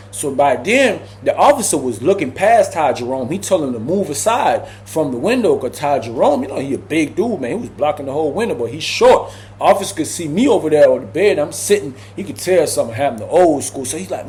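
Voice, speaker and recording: Brief: young man, high voice, lively storyteller who acts out the voices, faint hiss behind. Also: brisk. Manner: animated, slangy, acts out voices and sound effects. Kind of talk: casual prison storytime.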